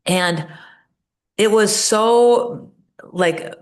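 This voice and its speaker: A medium-pitched woman drags out her words while chatting casually as a podcast guest. She's an animated storyteller who performs the voices of whoever she's quoting.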